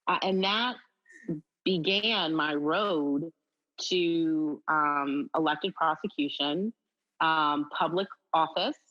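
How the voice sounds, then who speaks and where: A middle-aged woman, a guest on an interview, telling a personal story in an animated way with many fillers. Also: fairly low pitch. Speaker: guest, district attorney. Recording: slightly dull audio.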